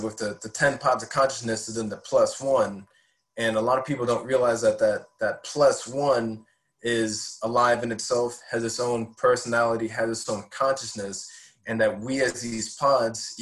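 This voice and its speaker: Young man, twenties, earnest faith testimony, heartfelt storytelling, mid-pitched voice. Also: a bit bright, poor audio. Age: 20s. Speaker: podcast guest.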